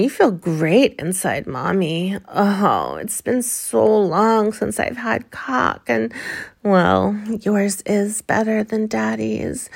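Slow, breathy, sultry woman. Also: mid-range voice. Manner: sultry, coaxing and breathy, with soft moans. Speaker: erotic audio performer. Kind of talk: intimate role-play narration.

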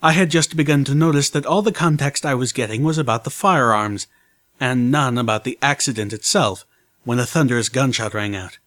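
A man narrating a fan-made audiobook in the first person, his pitch sitting in the middle of the male range. His reading is measured and steady, with a storyteller's pacing.

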